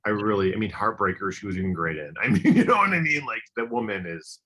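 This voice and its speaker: A man's voice: fairly low pitch, lively intonation, fast, bright, forceful tone. A man co-hosting a podcast, chatting casually and enthusiastically, rambling with lots of fillers. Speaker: podcast co-host. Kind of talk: casual chat.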